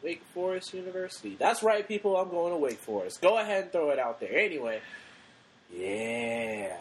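A man's voice: on the high side, big pitch swings, normal speed, husky, rough recording. A young man in his late teens co-hosting a podcast, telling a rambling story and acting out the quotes. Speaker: podcast co-host. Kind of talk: casual chat.

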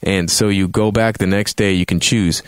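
A man's voice: low voice, fairly even intonation, normal speed, clear, resonant tone, dry recording. A man reviewing a video game in a rambling, casual way, swearing often and acting out reactions in a raised voice.

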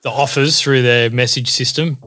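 A laid-back Australian man in casual podcast chat, easygoing and agreeable. He speaks at a middling pitch and tells his anecdotes plainly. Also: fairly even intonation, normal speed, sharp tone. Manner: laid-back, agreeable, chipping in with short replies.

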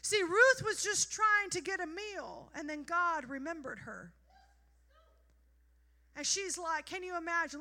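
A woman preacher delivering a sermon, moving from quiet storytelling to passionate, shouted exhortation. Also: extremely high pitch, measured pace, long pauses.

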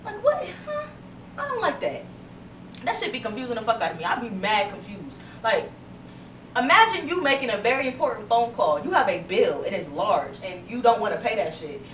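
A woman co-hosting a podcast in casual chat, ranting in a loud, profane way and mimicking callers. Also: a little high, very animated, a little fast. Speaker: podcast co-host. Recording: roomy, distant mic with noise.

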